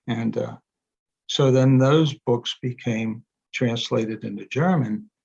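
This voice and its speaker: A man's voice: mid-range voice, slow, creaky, a little mellow, husky. An older man, a guest in an interview, telling long anecdotes with lots of fillers and restarts over a video call. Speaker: interview guest, energy psychology author. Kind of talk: casual storytelling in conversation. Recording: dull lo-fi sound.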